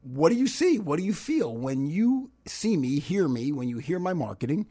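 A man's voice: a little high, moderate pace. A man talking as a marketing expert guest on a radio talk show, laying out points one by one. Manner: explains in lists, animated.

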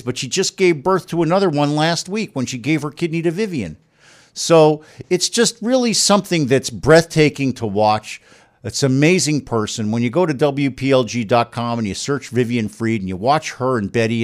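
A man's voice: medium pitch, animated, moderate pace. A middle-aged man telling a personal story as a guest, emphatic and effusive, often repeating himself. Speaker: guest telling his wife's kidney transplant story. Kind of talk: casual emotional storytelling.

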